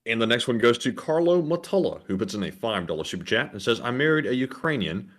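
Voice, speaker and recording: A man's voice: medium pitch, big pitch swings, quick pace. A man co-hosting a livestream, reading out donor names and messages and sometimes stumbling over names. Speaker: co-host reading donations.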